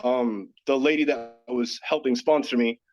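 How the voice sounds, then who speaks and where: Male podcast guest from Dallas, mid-pitched, earnest storyteller, casual and candid, dull audio. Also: fairly even intonation, normal speed. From Dallas, Texas. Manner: earnest, candid, filler-heavy with frequent "like". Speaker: podcast guest, yoga teacher. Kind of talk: personal storytelling in casual chat.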